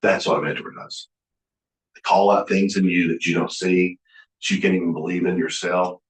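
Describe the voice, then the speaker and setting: With a steady tone and a moderate pace, a deep-voiced middle-aged man from Oklahoma gives a storytelling leadership lecture that feels like a sermon, speaking as a guest at a Bible college. He's earnest and folksy, often starting over as he re-enacts past conversations. His low voice fills an echoey space.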